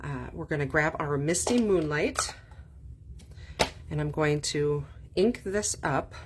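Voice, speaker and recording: A woman's voice: sits low, slow, background noise. A woman chatting her way through a craft tutorial, thinking aloud with frequent ums. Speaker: card-making demonstrator.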